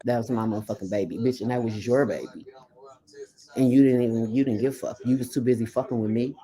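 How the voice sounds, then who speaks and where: A woman's voice: extremely low pitch, quick pace. A woman in casual conversation, telling her own story bluntly, with heavy swearing and acted-out quotes. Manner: blunt, heavily profane storytelling; animated, acts out quoted lines. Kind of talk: casual chat.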